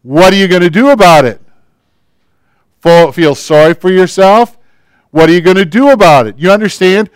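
A male pastor delivers a sermon in a conversational way, often asking his listeners questions. His voice is a little higher than most men's and clear and smooth. It is recorded close up with no room echo. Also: moderate pace, long pauses. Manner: conversational preaching, acting out quoted prayers and asking the congregation questions.

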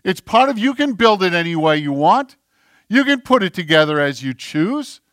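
A male pastor preaching a sermon, animated, swinging between forceful delivery and near whispers. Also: high-pitched, normal speed, no room sound, studio quality.

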